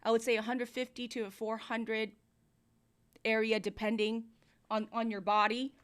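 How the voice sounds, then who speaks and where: A woman's voice: a little high, level tone, measured pace, clear, resonant tone. A woman hosting a music review livestream, giving casual, explanatory feedback on vocals and mic technique into a studio mic. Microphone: studio mic, moved near and far.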